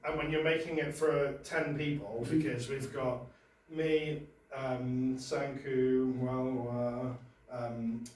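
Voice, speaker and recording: A man's voice: medium pitch, level tone, slow, hardly any pauses, a little mellow, distant mic. A male stand-up comedian, telling a conversational, self-deprecating set with many stammered restarts. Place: comedy venue with audience. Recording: very echoey room, voice from afar.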